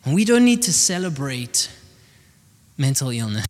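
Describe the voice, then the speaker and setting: A young adult man preaching a sermon as a pastor, telling a personal story in an animated, chatty way with many fillers. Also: medium pitch, moderate pace. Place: church hall. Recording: long reverb of a church hall.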